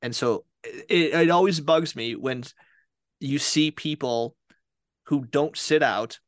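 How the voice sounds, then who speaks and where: A man's voice: a little high, takes it slowly, no echo. Chatty man with a dry close sound. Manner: chatty, laughs often, acts out quotes. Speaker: podcast co-host. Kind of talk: casual chat.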